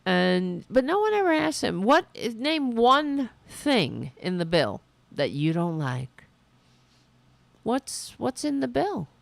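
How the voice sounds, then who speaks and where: A woman's voice: on the high side, sing-song, slow, vocal fry, dry recording. A woman hosting a political podcast, ranting in an indignant, sarcastic and profane way and mocking the people she quotes. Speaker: podcast host. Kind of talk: political commentary rant.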